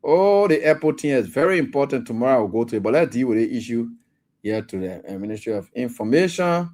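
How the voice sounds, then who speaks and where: A man with a Liberian English accent hosting live talk radio, scolding and animated, stumbling over fillers as he reads a statement aloud. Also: medium pitch, quick pace. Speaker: radio talk show host.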